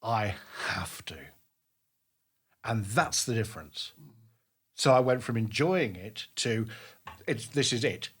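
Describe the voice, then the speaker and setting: A man in his fifties talks through his acting life in a relaxed interview. He is emphatic and animated, often restarting his sentences as he goes. His voice sits at an ordinary middle pitch. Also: a little slow, husky. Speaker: drama tutor and guest. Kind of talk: casual interview storytelling.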